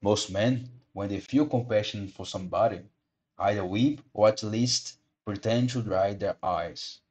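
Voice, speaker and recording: Low-voiced man reading a storybook. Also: a little mellow. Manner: measured reading with occasional slips and re-reads. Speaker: audiobook reader. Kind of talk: storybook narration.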